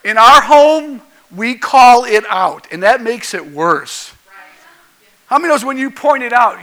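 A man's voice: very high-pitched, very animated, unhurried, bright, forceful tone, poor audio. A male pastor preaching a folksy, jokey sermon that keeps asking the congregation questions.

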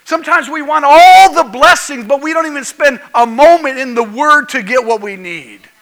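A man's voice: very high voice, normal speed, a bit bright, low-quality recording. A male pastor preaching a folksy, jokey sermon that keeps asking the congregation questions.

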